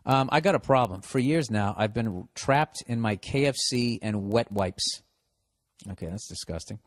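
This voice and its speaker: A man's voice: on the low side, lively intonation, moderate pace, no echo. A man with a Boston accent hosting a comedy podcast, reading a listener's letter aloud and mocking it in a sarcastic, profane rant. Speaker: podcast host.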